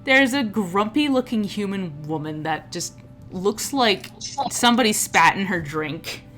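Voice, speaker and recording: A woman's voice: medium pitch, lively intonation, a little slow, a bit bright, faint music behind. A woman narrating a tabletop game as game master, describing scenes with frequent restarts.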